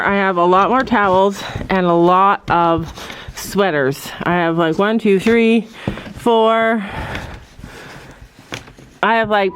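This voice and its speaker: A middle-aged woman chatting casually on her farm, talking to her goats while filming. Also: slight background noise. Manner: chatty, voices her goats in squeaky high tones. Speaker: vlogger. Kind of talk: casual farm vlog chat.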